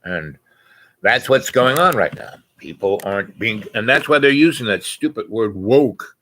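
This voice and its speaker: A man's voice: fairly low pitch, expressive, a little slow, pushed and bright, a little hiss or hum. A man talking casually to his viewers, wandering through a story with lots of fillers, restarts and small laughs. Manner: laughs often mid-sentence. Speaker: vlogger. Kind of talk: casual rambling monologue.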